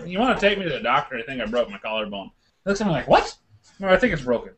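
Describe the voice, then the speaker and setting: A man on a casual podcast, excitedly telling a story and acting out the quotes with plenty of laughter. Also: medium pitch, rapid-fire. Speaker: podcast guest.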